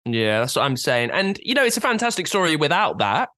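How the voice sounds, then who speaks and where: A man co-hosting a podcast, rambling casually with frequent halting restarts. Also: a little high, very animated, sharp tone, no room sound. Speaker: podcast co-host. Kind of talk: casual chat.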